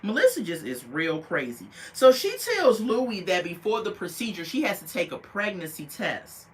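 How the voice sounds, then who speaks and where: A woman's voice: medium pitch, sing-song, normal speed. A woman casually recapping a reality show, telling the story with sass and slipping into mocking voices for the people she quotes.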